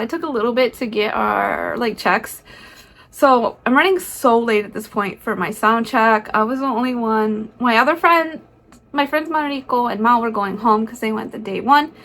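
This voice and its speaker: Woman vlogger, slightly high voice, excitable and chatty, casual narration full of fillers. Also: moderate pace. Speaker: concert vlogger.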